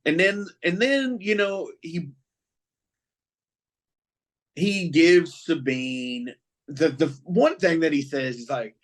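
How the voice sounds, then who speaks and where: A man co-hosting a podcast, chatting casually with a profane, excitable fan's rambling. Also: on the high side, slow, pauses often. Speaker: podcast co-host. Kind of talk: casual chat.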